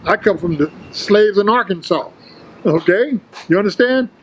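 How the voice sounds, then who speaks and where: An older man, a former bodybuilder, telling his story in a casual interview, animated and full of street slang, acting out the quotes. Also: high-pitched, moderate pace, slight background noise, low-quality recording.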